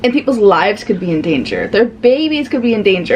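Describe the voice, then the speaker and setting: A woman chatting casually in a reading vlog, giving animated, sassy commentary on a book and laughing often. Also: mid-range voice, normal speed, slight background noise. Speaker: book vlogger.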